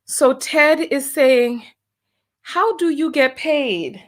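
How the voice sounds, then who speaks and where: A woman's voice: sits high, drawn-out words. A woman hosting a casual livestream, reading donations aloud, laughing often and exclaiming "oh my Lord" and "have mercy.". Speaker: livestream host.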